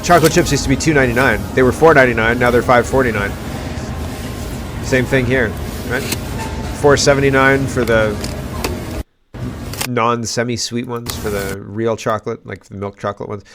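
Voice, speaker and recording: A man hosting a casual political commentary show, exclaiming and rambling in disbelief. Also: medium pitch.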